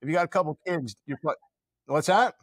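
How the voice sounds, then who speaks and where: A man's voice: on the high side, brisk, fairly bright tone, dry recording. A man hosting a casual podcast chat in a studio, rambling and searching for words with many fillers. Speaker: podcast host. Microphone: studio microphone.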